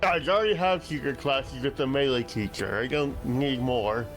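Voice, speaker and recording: Dnd player guy, kinda unsure, thinks out loud, faint music in the back. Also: medium pitch, normal speed. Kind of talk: casual tabletop game chat.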